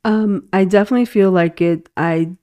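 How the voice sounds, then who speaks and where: A middle-aged woman, a teacher, speaking as a guest in a casual podcast interview, thoughtful and pausing often with "um". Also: mid-range voice, dark tone. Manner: thoughtful, many "um" pauses.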